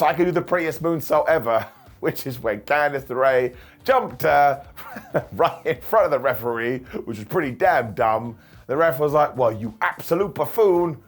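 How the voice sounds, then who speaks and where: Animated, husky man. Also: medium pitch. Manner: animated, laughing, jokey asides. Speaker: wrestling show reviewer. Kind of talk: casual review commentary.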